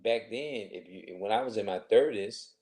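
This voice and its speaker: A man in his forties talking to camera in a rambling personal monologue, halting and restarting often. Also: lowish voice, darkish tone. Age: 40s. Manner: halting, many restarts and filler phrases. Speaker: vlogger.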